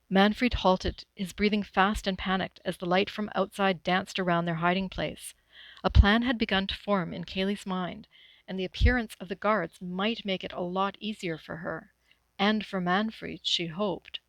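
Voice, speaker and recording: Woman storyteller, measured and expressive, dry close-miked sound. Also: mid-range voice, no room sound, poor audio. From Northwestern Ontario, Canada. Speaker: author reading her story. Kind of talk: storybook reading aloud.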